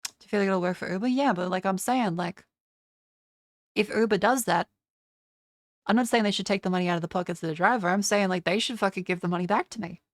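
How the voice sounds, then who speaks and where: A woman's voice: medium pitch, fast, dry recording. Young woman streamer ranting, swears a ton, does mocking voices, dry close sound. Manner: profane, ranting; mocks others in put-on voices. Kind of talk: casual livestream chat.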